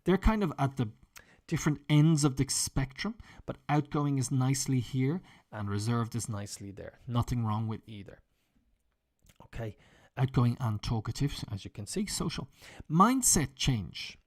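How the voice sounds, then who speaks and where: A man's voice: medium pitch, normal speed, warm tone. A man teaching an English lesson, explaining vocabulary with example sentences in a chatty way. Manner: chatty, with frequent fillers and restarts.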